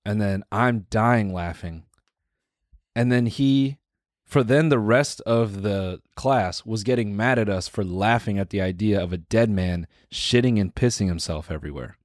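A man's voice: lowish voice, unhurried, dry recording. Man, casual podcast co-host, slangy, dude-and-bro talk, plain voice, dry sound.

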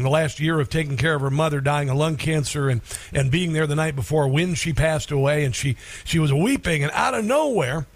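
Halting, reflective male radio host. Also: on the high side, no room sound. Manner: halting, many restarts and fillers. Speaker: radio talk show host. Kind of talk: personal story on talk radio.

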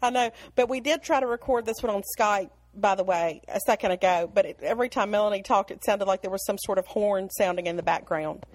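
Speaking in a mid-range, darkish voice, this Alabama woman with a Southern accent keeps a brisk pace with few pauses. She's a podcast co-host in a casual chat over an online call, full of stories and frequent laughter. There's no echo on the recording.

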